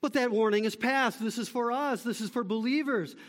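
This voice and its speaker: A man preaching a sermon as pastor, emphatic, swinging between loud calls and quiet, slow summaries. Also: very high voice, big-room sound.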